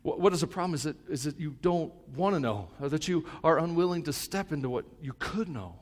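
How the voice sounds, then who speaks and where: A middle-aged male pastor preaching a sermon, moving between soft, reflective asides and loud, fervent stretches. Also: fairly high pitch, lively intonation, fairly quick, big-room sound.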